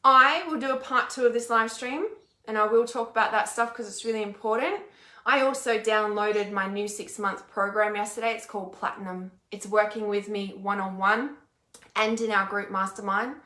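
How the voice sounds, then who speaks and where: A woman's voice: medium pitch, steady tone, moderate pace, bright, forceful tone, reverberant. A woman hosting a casual live stream, reading out viewer comments and talking bluntly with frequent swearing. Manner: blunt, swears freely, rants with emphatic repetition. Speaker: intuitive healer and mentor hosting a live stream.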